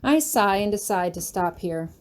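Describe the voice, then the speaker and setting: A woman reading a fan-written story aloud in the first person, steady and even with quiet tension. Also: mid-range voice, normal speed. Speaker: fanfiction reader. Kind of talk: first-person audiobook narration.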